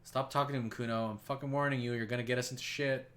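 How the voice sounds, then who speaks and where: A man's voice: medium pitch, steady tone, fast, fairly bright tone, close to an everyday voice. A man voicing a menacing young girl in a video game, curt and threatening.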